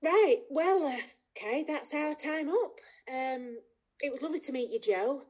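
A woman's voice: high-pitched, expressive, normal speed, darkish tone. A woman playing a polite, hesitant casting director on a video call in a comedy sketch. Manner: polite, hesitant, many ums.

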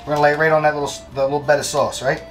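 A man's voice: fairly high pitch, level tone, very fast, faint music behind. A man demonstrating a recipe in a kitchen, chatty and plain-spoken, and he laughs easily. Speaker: guest cook. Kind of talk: casual cooking demonstration.

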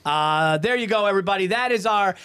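A man co-hosting a comedy podcast in relaxed banter, wrapping up the show with plugs. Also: high voice, quick pace, slight background noise. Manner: easygoing, reads show plugs. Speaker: podcast co-host.

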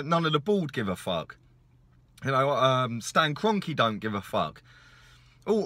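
Raging guy swearing nonstop, pitch jumps all over, keeps going "yeah?". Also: bright, forceful tone, no room sound. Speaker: football fan vlogger. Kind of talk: angry ranting monologue.

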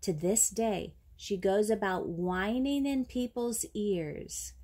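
A woman reading a children's picture book aloud, slow, clear and expressive. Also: medium pitch. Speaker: storybook reader. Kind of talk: children's story read-aloud.

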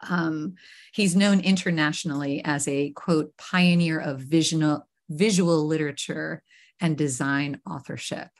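A woman hosts a live online arts talk show from a video call. Her voice sits on the low side for a woman, and she speaks with gushing enthusiasm, often stumbling and restarting mid-phrase. She comes from Queens, New York. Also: fairly even intonation, unhurried. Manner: enthusiastic, effusive, with frequent restarts. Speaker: host.

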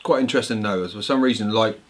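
A man's voice: lowish voice, very fast. A young man from Britain co-hosting a snack tasting vlog, chatting casually and telling jokey, rambling stories. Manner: jokey, teasing, rambling storyteller. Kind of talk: casual chat.

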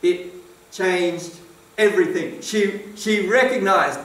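A man's voice: high voice, expressive, slow, pauses often, a bit bright. A man preaching a sermon in a church hall, emphatic and questioning his congregation. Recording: roomy echo, distant mic.

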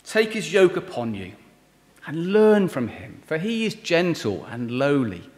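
A man preaching a sermon and leading prayer, earnest and pleading, often dropping to a soft voice on key words. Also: on the high side, sing-song, measured pace. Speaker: visiting preacher. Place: church hall. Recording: reverberant hall.

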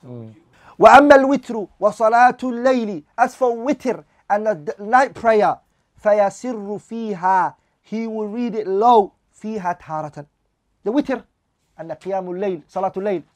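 A man teaching a religious class at a brisk pace, in a voice pitched a little high. He reads out lines of Arabic and then explains them in English, often putting questions to his students. The sound is dry and close. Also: lively intonation, a little mellow, no echo.

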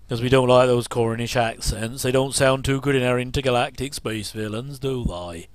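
Middle-aged man, casual watch-along commentator, smooth and close-miked. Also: mid-range voice, unhurried, no room sound. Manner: chatty, jokey asides with chuckles. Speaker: commentary host.

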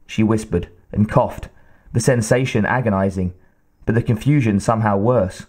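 A man reading a sci-fi novel aloud in a measured, dramatic narration style. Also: fairly low pitch, darkish tone. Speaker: audiobook narrator.

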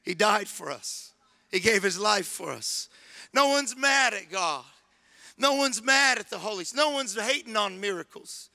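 A man preaching as a guest pastor in a church, repeating his phrases and building to impassioned shouting. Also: sits high, expressive, normal speed, creaky. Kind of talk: sermon. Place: church sanctuary.

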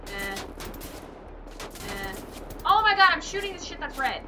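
A young woman plays a shooter with a friend, talking in a high, bright voice that leaps all over the place. She swears freely and shrieks at every scare. A faint hiss of noise sits behind her. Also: a little slow. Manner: excitable, swears, shrieks when startled. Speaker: gamer, co-host. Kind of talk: let's-play banter.

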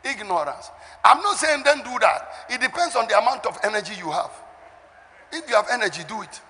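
A man's voice: very high-pitched, lively intonation, brisk, noisy background. Fervent preacher in his sixties, soaring voice. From Ghana. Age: 60s. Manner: fervent preaching that swings into shouts and sung phrases. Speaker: pastor. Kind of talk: sermon. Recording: echoey hall with faint music.

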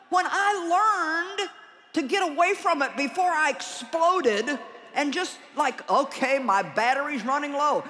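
A woman preaching a conference sermon in a large hall, animated and joking, and she calls out her key lines loudly. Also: extremely high pitch, slight background noise.

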